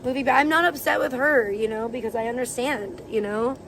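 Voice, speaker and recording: A woman's voice: on the high side, a little fast, fairly bright tone, a little hiss or hum, poor audio. A woman livestreaming casually, venting in a rambling way with many fillers as she moves from outdoors into her home. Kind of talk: casual IRL livestream chat. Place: outdoors then moving indoors at home.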